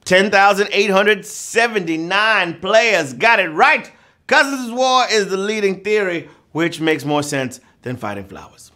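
A man hosting a live trivia game show, playful and joking, with loud whoops. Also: high-pitched, lively intonation, measured pace.

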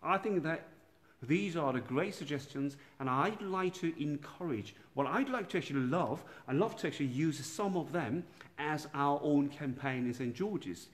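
A man, a priest, giving an informal night prayer talk in a gentle, halting way, with many pauses and restarts, recorded without a proper microphone. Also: fairly high pitch, lively intonation. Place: dark church room by candlelight. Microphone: no external microphone, built-in device mic. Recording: poor sound quality without microphone.

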